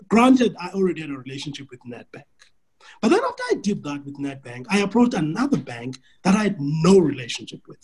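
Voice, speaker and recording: A husky, slightly higher-voiced man coaches a client on a call. He talks in an animated, story-driven way and often restarts his sentences. His tone stays friendly and persuasive. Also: quick pace, poor audio. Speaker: business coach. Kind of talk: coaching call answering a question.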